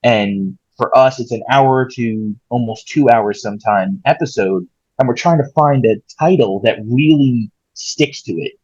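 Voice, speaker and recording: A man's voice: medium pitch, measured pace, darkish tone, no echo. A man co-hosting a podcast in casual chat, talking things through in a thoughtful, rambling way. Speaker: podcast co-host. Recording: slightly dull lo-fi mic.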